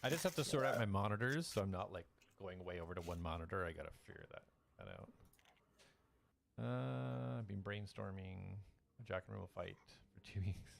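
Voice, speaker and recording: Chatty low-voiced man running a game stream. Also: expressive, a little fast, creaky, slight background noise. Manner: chatty, laughs often, reads out viewer names. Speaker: game master and stream host. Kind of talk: casual live-stream chat and game narration.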